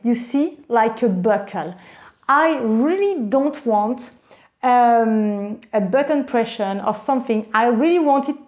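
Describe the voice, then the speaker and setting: A woman's voice: a little high, darkish tone. A woman, gushing and gasping with delight as she unboxes bags in a casual vlog. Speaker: vlogger.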